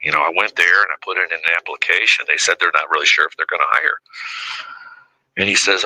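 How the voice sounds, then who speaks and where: A man's voice: low voice, steady tone, fast talker, bright, forceful tone, breathy edge, dry recording, poor audio. A man in his fifties telling his story as a guest in a casual interview, rambling and heavy with fillers. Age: 50s. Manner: rambling, heavy with "you know" and "uh". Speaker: podcast guest.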